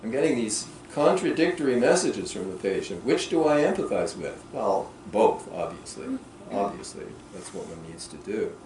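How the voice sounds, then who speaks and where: A man talks through clinical questions with the audience, thoughtful and unhurried, his voice often trailing off softly. He sits some distance from the microphone in a roomy meeting room with a faint background hiss. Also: mid-range voice, sing-song. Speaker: author answering questions at a workshop. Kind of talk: reflective clinical discussion.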